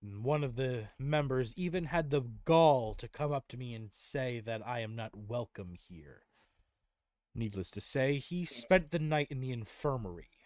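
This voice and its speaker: A man voicing a huge, gruff male guardian who speaks slowly and formally in a tabletop game. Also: mid-range voice, lively intonation, a little mellow, no room sound, studio quality, natural voice. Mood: grave. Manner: slow, measured, formal.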